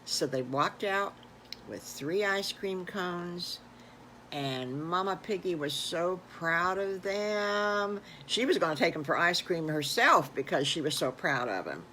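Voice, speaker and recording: Older woman storyteller, gentle and unhurried, children's tale, light noise. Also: lowish voice, expressive, low-quality recording. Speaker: storyteller grandmother.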